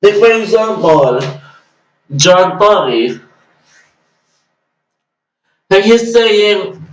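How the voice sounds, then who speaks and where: A man's voice: high-pitched, expressive, very slow, long pauses, distant mic. A man ranting in an exasperated, mocking way, swearing at times, as a vlogger. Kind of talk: ranting commentary. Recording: echoey room, away from mic.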